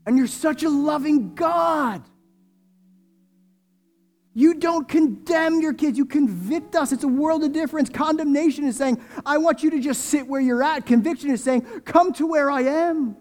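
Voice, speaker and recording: A male preacher with a high-pitched voice leads a sermon and prayer. He drops to hushed, intimate prayer, then rises to loud, drawn-out, impassioned declarations. Faint music plays beneath him. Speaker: pastor.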